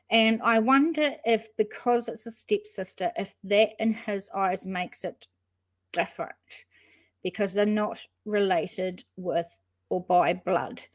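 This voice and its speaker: A woman hosting a casual true-crime livestream, reading viewer comments aloud and answering chatters by name, thinking aloud with frequent pauses and restarts. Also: mid-range voice.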